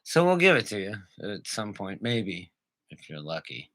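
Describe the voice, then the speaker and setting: A man's voice: lowish voice, very animated, normal speed, fairly bright tone, dry recording, studio quality. A man co-hosting a podcast, trading crude jokes with a lot of laughter and swearing. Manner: profane, laughs often, jokey impressions. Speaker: podcast co-host. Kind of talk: crude comedic banter.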